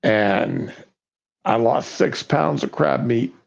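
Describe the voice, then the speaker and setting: A man co-hosting a casual live stream chat, talking slowly and haltingly with restarts. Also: medium pitch, creaky. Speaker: co-host. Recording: dull lo-fi audio.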